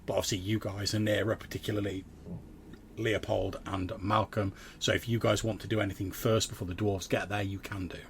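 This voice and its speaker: Gravelly man narrating as game master. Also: lowish voice, level tone, a little fast, slight background noise. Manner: casual, lots of "like" fillers, vivid narration.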